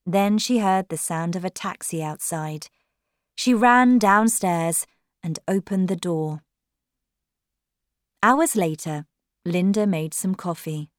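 A woman narrating an audiobook in a measured, expressive way. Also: fairly low pitch, no echo, clean studio sound. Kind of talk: audiobook reading.

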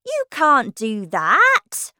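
A woman's voice: high-pitched, huge pitch swings, dry recording, clean studio sound, pitched above the performer's own voice, full character voice. A woman playing a snooty, rude rose. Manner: loud, drawn-out, sneering delivery. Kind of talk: storybook reading.

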